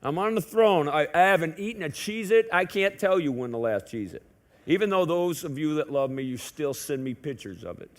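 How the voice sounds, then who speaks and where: A male pastor preaching a sermon in a church in a conversational way, full of rhetorical questions and joking asides. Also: fairly high pitch. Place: church sanctuary.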